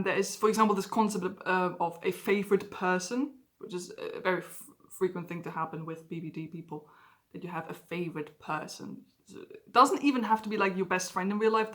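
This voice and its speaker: A woman talking straight to the camera in a personal, confessional vlog. She speaks candidly and swears freely, with a voice of ordinary middle pitch. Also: a bit bright. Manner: candid, swears freely, acts out past outbursts. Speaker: vlogger.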